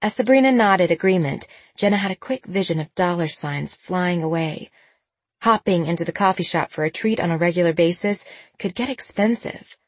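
A woman narrating an audiobook in an even storytelling manner, close to the mic. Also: fairly low pitch, brisk, no echo.

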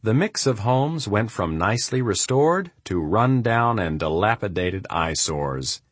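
A man narrating a thriller audiobook in a steady, measured storytelling manner. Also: on the low side, no room sound. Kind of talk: scripted narration.

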